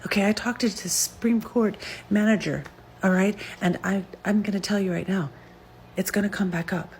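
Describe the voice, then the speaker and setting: A woman's voice: medium pitch, steady tone, normal speed, a little mellow, slight background noise, lightly acted. A woman playing a boastful, reassuring mom. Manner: reassuring, boastful, slips into whispers. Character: confident boastful mom, soothing, self-assured. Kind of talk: comedy skit.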